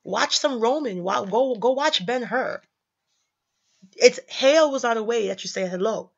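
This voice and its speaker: A woman's voice: a little high, animated, a little slow, gravelly. A young woman giving casual religious commentary, emphatic and slangy, repeating lines for effect. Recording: slightly dull lo-fi audio.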